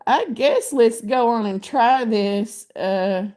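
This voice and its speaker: A woman's voice: fairly high pitch, slow, a little mellow. A woman hosting her crochet channel, chatting casually and rambling with many fillers while she reads pattern text aloud.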